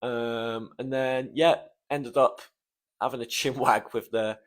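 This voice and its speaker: A young male podcast host tells a story solo and casually, choked up and close to tears. He speaks slowly, with medium pitch and fairly even intonation, rambling, swearing often, and trailing off with ums.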